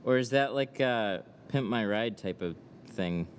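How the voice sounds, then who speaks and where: A man with a lowish voice talks in his tint workshop, joking loosely about slang and then explaining film options in plain, businesslike terms. A faint hum of background noise sits under his voice. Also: a little slow. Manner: joking and self-mocking in banter, plain and businesslike on the phone. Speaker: window tint shop owner. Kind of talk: casual chat and phone call with a customer.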